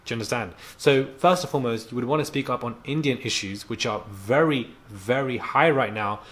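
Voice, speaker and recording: A man's voice: mid-range voice, a little fast, a bit bright. Annoyed man ranting to camera. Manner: annoyed, heated, repeats himself with fillers. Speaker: vlogger.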